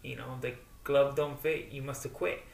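A man co-hosting a podcast in casual chat, ranting in an animated way and mocking others with put-on quotes. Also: mid-range voice, moderate pace, vocal fry. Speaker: podcast co-host. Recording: echoey room, distant mic, faint noise.

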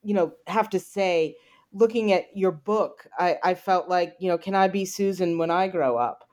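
A woman's voice: fairly low pitch, moderate pace, darkish tone. A woman interviewing an author, speaking with admiration and hesitant fillers. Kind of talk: podcast interview.

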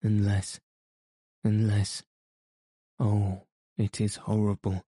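A man's voice: on the low side, monotone, takes it slowly, warm tone, slightly rough, dry recording, studio quality. Distraught noble lady, read by a man. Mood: anguished. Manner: anguished, pleading. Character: distraught noble young woman pleading.

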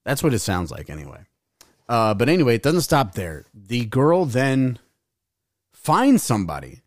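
A man's voice: mid-range voice, big pitch swings, unhurried, no echo, studio quality. A young man hosting a podcast, telling a rambling, profane story in casual chat and acting out the voices of the people in it. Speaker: podcast host. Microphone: podcast mic.

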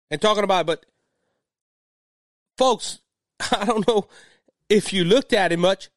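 A middle-aged man from Louisiana with a Cajun accent hosts his own podcast. His voice sits high for a man, and he rambles and stumbles over his words as he gets worked up. The sound is dry and close, with no room around it. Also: measured pace, long pauses, fairly bright tone, dry recording. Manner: agitated, rambling, repeats words. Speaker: podcast host. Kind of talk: political podcast commentary.

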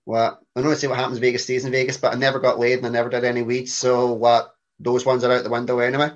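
A man's voice: medium pitch, monotone, fast, muffled recording. A Glaswegian man in his thirties, a podcast guest telling rambling, self-mocking stories in casual chat. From Scotland.

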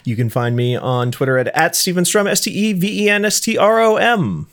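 A man on a podcast, telling an anecdote in an animated way and laughing at his own story. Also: sits high, fairly quick. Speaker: podcast guest. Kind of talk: casual podcast chat.

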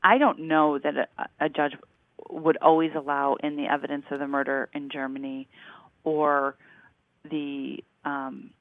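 A co-host talking through a true-crime case in a measured, analytical way, stopping and restarting often. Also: medium pitch, flat delivery, no room sound. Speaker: podcast co-host. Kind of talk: casual chat about a true-crime series. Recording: tinny phone-like remote line.

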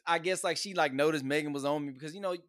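A man in casual chat, telling animated, slangy stories and laughing often. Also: a little high, racing, no echo, clean studio sound.

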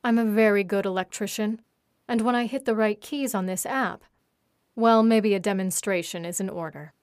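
A scornful young woman who holds a captive, mocking and commanding him in sharp bursts, as a woman reads her lines. The delivery is a touch louder than the plain narration. The sound is dry and close, with no room around it. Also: mid-range voice, steady tone, moderate pace, dry recording, close to an everyday voice. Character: scornful young woman electrician, domineering captor.

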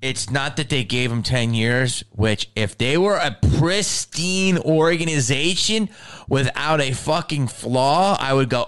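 Profane ranting man with a smooth voice. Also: mid-range voice, measured pace. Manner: profane, animated ranting with restarts. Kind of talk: casual ranting chat.

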